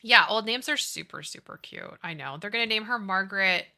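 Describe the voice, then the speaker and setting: A woman's voice: mid-range voice, expressive, a little fast, creaky, bright, forceful tone. Bubbly chatty woman streamer. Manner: chatty, gushing, reads chat aloud. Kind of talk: casual live-stream chat.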